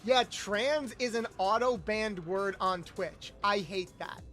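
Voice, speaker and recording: A young man streaming a video game, chatting casually with viewers, loud and animated with swearing. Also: high-pitched, slow pace, soft background music. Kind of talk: casual gameplay livestream chat.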